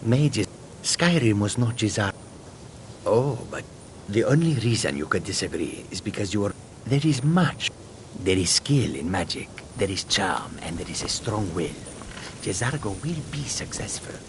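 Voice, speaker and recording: A cocky cat-folk wizard from a fantasy game, bragging about himself in the third person. His voice sits very deep. Faint noise hangs behind it. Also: very animated, a little slow. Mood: boastful. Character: proud, boastful male cat-person mage. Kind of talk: video game voice acting.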